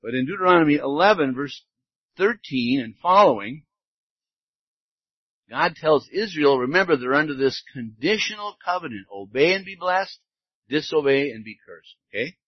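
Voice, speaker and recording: A man's voice: fairly high pitch, expressive, normal speed, slightly rough, no room sound, highs cut off. A man preaching a sermon as pastor, earnest and conversational, reading scripture aloud.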